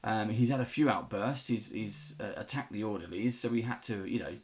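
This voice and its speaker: A man's voice: fairly low pitch, fairly quick, close to an everyday voice. A man voicing an evasive, fussy sanatorium doctor who stammers and defends himself in a tabletop game. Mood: flustered. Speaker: game master.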